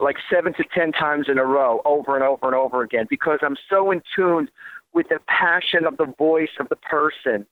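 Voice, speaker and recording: A man's voice: a little high, no echo. A man with a New Jersey accent hosting a radio show, rambling casually with lots of fillers and restarts. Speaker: radio host. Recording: tinny phone-like radio line.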